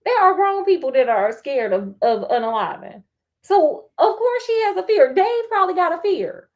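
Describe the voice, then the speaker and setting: A woman's voice: very high voice, normal speed. A woman reading a book aloud and breaking off into sassy, joking commentary. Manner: sassy, animated, laughing asides. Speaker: storyteller.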